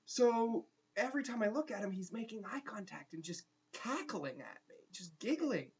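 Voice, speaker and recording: A young man, a teacher, telling a funny story casually with animated asides and quick restarts. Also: high-pitched, slightly rough. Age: young adult. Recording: dull lo-fi recording.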